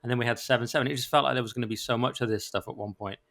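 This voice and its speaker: A man's voice: mid-range voice, racing, gravelly, a bit bright. A man hosting a casual political podcast, joking and self-deprecating as he rambles between topics. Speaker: podcast host.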